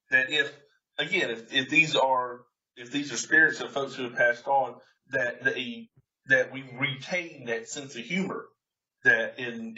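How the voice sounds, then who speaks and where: A man's voice: medium pitch, pushed and bright. Brief: male host, easy laugh, echoey lo-fi recording. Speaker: podcast host. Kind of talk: casual interview chat. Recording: distant echoey lo-fi audio.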